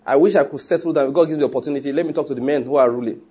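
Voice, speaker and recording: A man's voice: medium pitch, rapid-fire, mellow, slightly rough. A male pastor preaching a sermon emphatically, with rhetorical questions.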